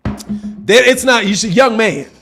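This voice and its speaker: Slow-paced and high-voiced, he has some vocal fry and a slightly bright tone, with soft music in the background. He hosts a boxing channel, chatting casually to his live viewers in slang and repeating himself for emphasis.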